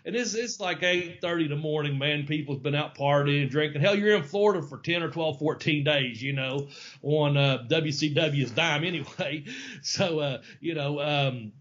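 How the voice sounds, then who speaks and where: A man tells a long story in a loose, rambling way, swearing freely and laughing often. His voice sits a little higher than average. The audio is dull and lo-fi. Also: moderate pace, a bit bright. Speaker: podcast host. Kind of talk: casual storytelling.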